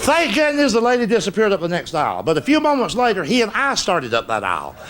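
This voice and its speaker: A man's voice: high voice, fast. A man telling stand-up stories in a folksy, cussing drawl, on a stage before a live audience. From Southern United States. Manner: folksy drawl, cussing punchlines, lively delivery. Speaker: stand-up comedian. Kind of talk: stand-up storytelling. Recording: noisy live stage recording.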